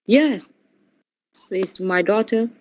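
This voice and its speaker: Adult female English learner, halting, very slow short replies. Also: medium pitch, darkish tone. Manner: hesitant, halting short answers with fillers.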